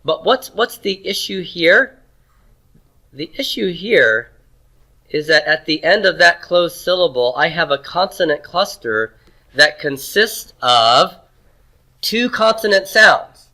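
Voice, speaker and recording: A man teaching a Hebrew grammar lesson, asking questions and answering them himself, and sounding out words slowly. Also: on the high side, lively intonation, sharp tone. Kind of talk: classroom lecture.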